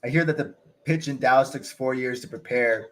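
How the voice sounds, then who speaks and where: Man, cricket watch-along host, casual rambling chat, medium pitch. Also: fairly quick, fairly bright tone. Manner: chatty, rambling, with fillers.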